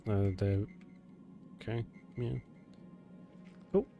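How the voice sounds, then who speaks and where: A man's voice: lowish voice, expressive, very slow, vocal fry, narrow, tinny audio, over music. A man chatting casually while streaming a game live. He laughs often and keeps saying meow. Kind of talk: casual live gameplay chat.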